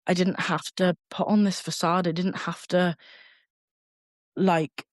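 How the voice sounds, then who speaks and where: A young man, a podcast guest telling a personal story in a candid, halting way, swearing casually. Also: high voice, little pitch movement, no echo, studio quality.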